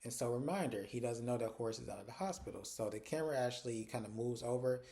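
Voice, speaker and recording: A man's voice: mid-range voice, fast talker, vocal fry, dark tone. A man hosting a casual recap of TV episodes, chatty and conversational, retelling scenes with lots of "like". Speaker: TV recap host.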